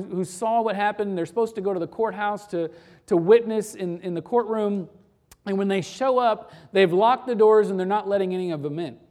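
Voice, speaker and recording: A preacher delivering a sermon, building to intense repeated lines and dropping to quiet, with frequent restarts. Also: mid-range voice. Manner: swings from rising intensity to quiet, repetitive cadences.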